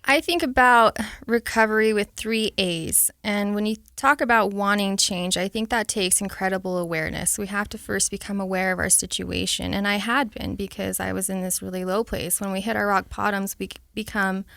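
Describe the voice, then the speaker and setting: Smooth-voiced woman telling her story frankly. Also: mid-range voice, fairly even intonation, normal speed, hardly any pauses, a bit bright, dry recording, studio quality. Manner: frank, reflective, reenacts her own thoughts. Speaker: podcast guest. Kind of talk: candid personal storytelling.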